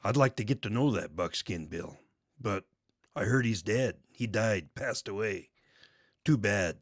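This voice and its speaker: A man's voice: lowish voice, animated, unhurried, dry recording, clean studio sound. A man voicing a laid-back hippie co-host with an easygoing, drawling way of talking. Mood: mellow. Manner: drawling, easygoing, says "man" and "stay cool". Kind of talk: casual show sign-off.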